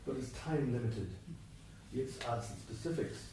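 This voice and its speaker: This poetry lecture comes from a man with a medium-pitched voice and lively intonation who takes his time, thinking out loud, digressing with asides and restarting as he goes. The setting is an echoey church hall recorded on a distant mic, and the background is noisy.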